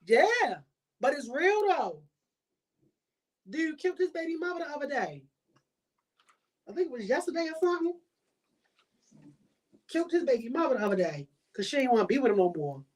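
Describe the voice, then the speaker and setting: A woman's voice: sits high, sing-song, moderate pace, long pauses. Emphatic woman podcast host, preaching. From Baltimore. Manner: preachy, emphatic, repeats points. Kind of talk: motivational monologue.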